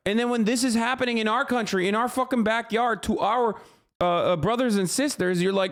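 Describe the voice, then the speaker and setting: Heated, profane male streamer, high-pitched. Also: brisk. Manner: heated, profane, repeats words and "okay?". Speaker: streamer reacting to news. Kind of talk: livestream reaction commentary.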